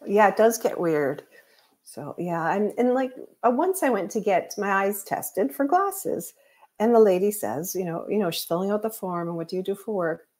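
Guest, woman, mid-pitched, chatty anecdotal delivery, casual podcast talk. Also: lively intonation, moderate pace, a little mellow. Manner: chatty anecdotes with laughs and acted quotes. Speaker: guest, psychic medium. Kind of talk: casual storytelling chat.

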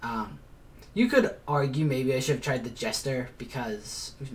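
A man in the middle of a relaxed let's-play session, talking his viewers through the game. He explains as he goes, drops the odd curse and mutters little asides, his pitch sitting in an ordinary middle range. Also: moderate pace, slight background noise. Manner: chatty, explains as he plays, swears and mutters asides. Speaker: let's player. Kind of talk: casual gameplay commentary.

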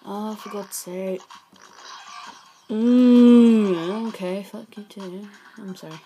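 Slow-talking woman, frustrated gaming commentary. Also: mid-range voice, level tone, darkish tone. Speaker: gaming channel host. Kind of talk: let's play gameplay commentary.

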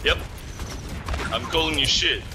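A man's voice: on the high side, unhurried, background noise. Ranting, swearing male gamer. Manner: ranting, heavy swearing, sarcastic. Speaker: gamer streamer. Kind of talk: angry voice chat in an online game. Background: loud game music.

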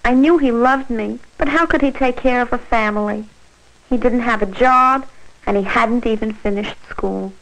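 A woman's voice: on the high side, moderate pace, gravelly, fairly bright tone, poor audio. An actress voicing a scared pregnant teenage girl, narrating her story in earnest, plain first-person narration for an old educational film.

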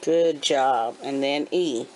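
A woman in her forties, a homeschooling mother, gently coaching her kindergartner through a handwriting lesson at home and repeating each step patiently. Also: extremely low pitch, slow, a little hiss or hum. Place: at home indoors.

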